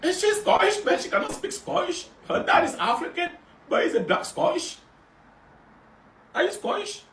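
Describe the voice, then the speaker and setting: A man's voice: very high-pitched, sing-song, moderate pace, a bit bright, slight background noise. A young man introducing himself in a joking, boastful, repetitive way in a clip. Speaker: clip subject. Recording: echoey, from far off.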